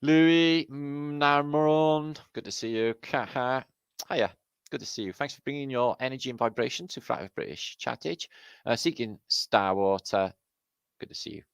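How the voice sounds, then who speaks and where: A man's voice: mid-range voice, moderate pace, gravelly, a bit bright, no echo. A man with a Welsh accent hosting a casual livestream, greeting viewers by name with jokey, sweary banter. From Wales. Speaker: livestream host.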